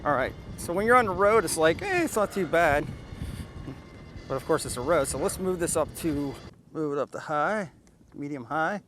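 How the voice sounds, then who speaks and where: A man's voice: fairly high pitch, lively intonation, moderate pace, a bit bright, a little hiss or hum. Upbeat man demoing a riding mower. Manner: enthusiastic, chatty, explaining step by step. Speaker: tool reviewer. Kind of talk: casual product demo vlog. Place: outdoors by a riding mower, later driving it. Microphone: camera mic, at times an action camera on the mower.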